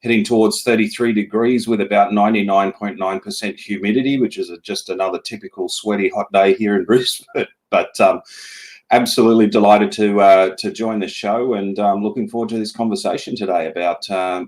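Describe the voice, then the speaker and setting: A middle-aged Australian man with a notably deep voice. He talks in a relaxed, easygoing way, often laughing. He is a guest on a casual podcast interview. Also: fairly quick, poor audio.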